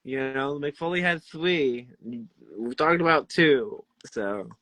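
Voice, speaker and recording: A young man, a wrestler, telling backstage stories in a rambling, animated way and laughing often. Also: on the high side, slow pace. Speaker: pro wrestler guest. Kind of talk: casual interview storytelling.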